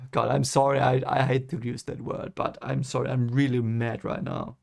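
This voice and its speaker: Brief: man, gravelly voice, emotional first-time reading reaction. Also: mid-range voice, little pitch movement, moderate pace, darkish tone. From Germany. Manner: emotional, reactive, swears and apologizes. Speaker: channel host reading a book aloud.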